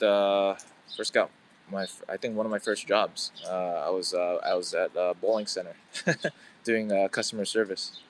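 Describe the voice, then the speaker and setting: Outdoors and about to head into work, a man in his thirties hosts a casual livestream, rambling to viewers with plenty of fillers. His voice is low, and the low-quality recording carries slight background noise.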